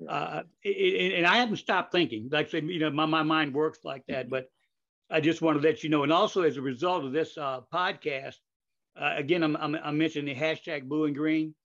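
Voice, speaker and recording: A man's voice: a little high, fairly even intonation, a little fast, fairly bright tone. Older man rambling in lo-fi audio. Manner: rambling, with many fillers and restarts. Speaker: podcast host. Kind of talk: casual interview chat. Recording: dull lo-fi audio.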